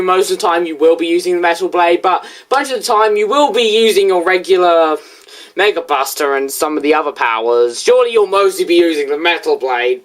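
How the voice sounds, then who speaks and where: A young video reviewer in casual, rambling commentary, answering a critic with restarts and asides. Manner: rambling, restarts, lively pitch swings.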